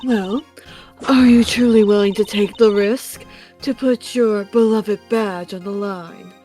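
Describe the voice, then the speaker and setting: A woman's voice: mid-range voice, steady tone, mellow, faint music behind, close to an everyday voice. A woman reading as a stern formal judge. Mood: imperious. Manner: formal, measured, dramatic. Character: stern formal female judge-prosecutor, imperious. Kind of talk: reading game dialogue aloud on a stream.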